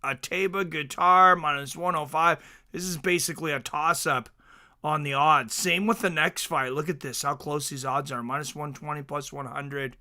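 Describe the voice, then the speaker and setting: A man hosting a casual fight watch-along stream, chatting excitedly and reading viewer comments aloud. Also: on the high side, moderate pace.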